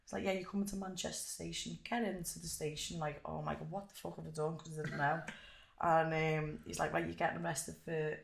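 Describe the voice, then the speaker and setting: A young woman tells stories in a gravelly, fry-edged voice. She talks with animated, unfiltered energy and swears freely. The room around her sounds echoey. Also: low voice, brisk. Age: young adult. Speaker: guest fighter. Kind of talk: casual interview chat.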